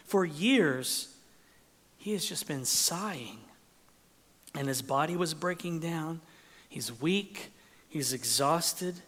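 A man preaching a sermon as pastor, expressive, dropping to whispers and rising for emphasis. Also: a little high, slow pace, pauses often, in a large hall.

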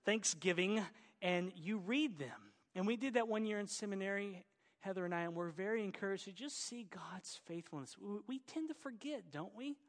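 Earnest Oklahoma pastor in a reverberant hall. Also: male voice, high-pitched, animated, fairly quick. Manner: earnest, exhorting, folksy asides. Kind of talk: sermon.

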